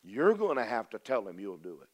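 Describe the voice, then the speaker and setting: An older man, preaching a folksy, storytelling sermon that swings from loud declarations to hushed confessions. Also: fairly low pitch, sing-song, brisk.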